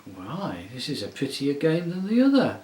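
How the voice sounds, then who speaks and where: A man's voice: on the high side, huge pitch swings, moderate pace, roomy sound, voice pushed up, low-quality recording. A man voicing a silky, coaxing enchantress queen. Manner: soft, soothing, half-mocking. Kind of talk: audiobook character voice.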